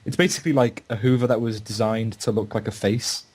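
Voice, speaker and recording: A man's voice: on the low side, fairly even intonation, fairly quick, a little mellow, slightly rough. A man co-hosting a casual podcast, joking and swearing as he chats over a computer mic. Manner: swearing, joking, laughing often. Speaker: podcast co-host. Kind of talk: casual chat.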